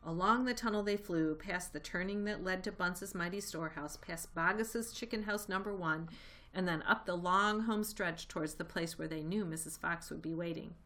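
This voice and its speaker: A woman reading a children's storybook aloud, lively and expressive. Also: lowish voice, moderate pace. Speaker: reader. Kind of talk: storybook read-aloud narration.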